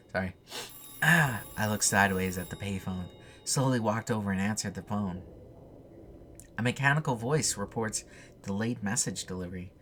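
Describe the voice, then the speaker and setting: A man's voice: fairly low pitch, a bit bright, slight background noise. A man playing a text adventure, reading the narration aloud with casual asides. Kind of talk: let's play reading and commentary.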